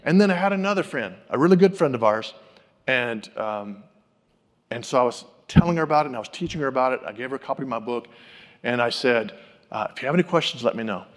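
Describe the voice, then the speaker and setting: A man preaching a sermon, telling personal stories and acting out the people he quotes in an animated way. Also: mid-range voice, fast, in a large hall. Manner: animated, acts out quoted voices. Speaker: pastor. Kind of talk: sermon storytelling.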